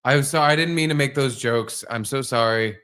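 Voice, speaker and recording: A man co-hosting a comedy podcast from a bar, teasing his guests with mock-mean deadpan jokes. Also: medium pitch, brisk. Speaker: co-host.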